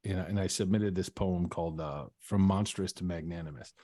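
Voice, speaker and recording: A man's voice: sits low, fairly quick, dark tone, no echo. A man, a podcast guest, telling his own story in an earnest, reflective way, often restarting his sentences. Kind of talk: casual storytelling.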